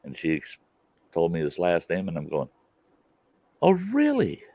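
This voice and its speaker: A man's voice: very deep voice, brisk, background noise. A middle-aged man hosting a casual chat, telling stories with frequent laughter. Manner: laughs often, animated storytelling. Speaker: host. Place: outdoors at a campfire. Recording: dull lo-fi sound.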